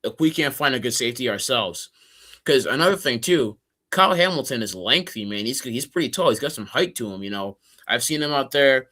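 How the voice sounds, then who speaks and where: A man's voice: mid-range voice, expressive, a little fast, bright, forceful tone. Easygoing male podcast co-host from Minnesota. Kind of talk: casual sports podcast chat.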